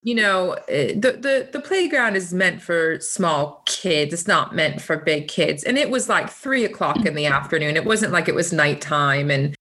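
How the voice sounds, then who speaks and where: A woman in her thirties chatting reflectively about parenting, often pausing and restarting her sentences. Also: lowish voice, lively intonation, fairly bright tone. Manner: hesitant, many restarts and fillers. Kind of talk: casual chat.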